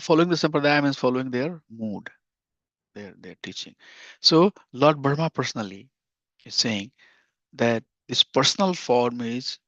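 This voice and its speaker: A man's voice: medium pitch, a bit bright, no room sound. A man giving a scripture class in an earnest teaching tone, often repeating key phrases. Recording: dull lo-fi dry recording.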